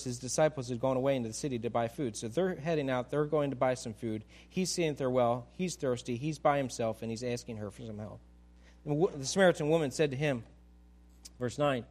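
A man preaching a sermon in a casual, conversational way, animated and often repeating words as he restarts. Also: mid-range voice, moderate pace, long pauses. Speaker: pastor.

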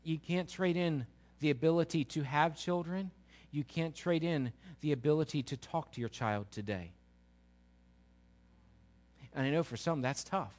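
A man's voice: on the high side, unhurried, pauses often. A middle-aged man preaching a sermon to a live congregation, asking the audience questions and acting out quotes. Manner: animated, asks the audience questions, acts out quotes.

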